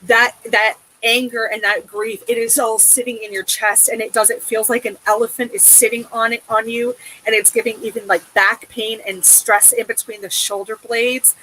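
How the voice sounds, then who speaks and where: A woman's voice: fairly high pitch, level tone, normal speed, hardly any pauses, pushed and bright, rough recording. A woman giving a tarot reading in a casual, emotive way, swearing often and checking in with a soothing "okay?". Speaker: tarot reader.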